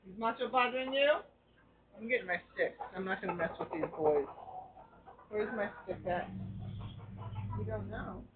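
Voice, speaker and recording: A woman's voice: medium pitch, normal speed, pauses often. A woman chatting casually about her chickens at home, coaxing and scolding the birds as she goes. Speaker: backyard chicken keeper. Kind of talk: casual vlog chat. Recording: tinny, distant, noisy with clucking chickens. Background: chickens clucking.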